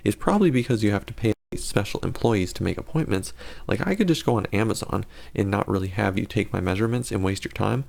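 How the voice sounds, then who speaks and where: A man's voice: lowish voice, lively intonation, fast talker, vocal fry, darkish tone. A man giving casual gameplay commentary and telling a story, rambling and correcting himself with sarcastic asides.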